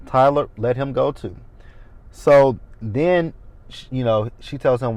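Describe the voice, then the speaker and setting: A man's voice: mid-range voice, expressive, normal speed, a little mellow. A man in his thirties recapping a TV episode in a casual, blunt and opinionated way. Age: 30s. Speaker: TV recap host.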